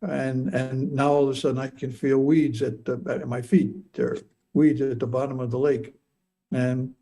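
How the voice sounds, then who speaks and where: Older man, gravelly and dark, halting personal storytelling with frequent repeats. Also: mid-range voice. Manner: halting, repeats words, stammers. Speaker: speaker telling a near-death experience.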